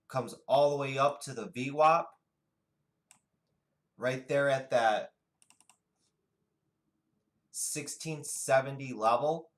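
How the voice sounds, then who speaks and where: A man narrating a stock chart walkthrough, explaining trades in a steady, unhurried way. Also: mid-range voice, rough recording. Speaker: day trading educator. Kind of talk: screen-share chart walkthrough.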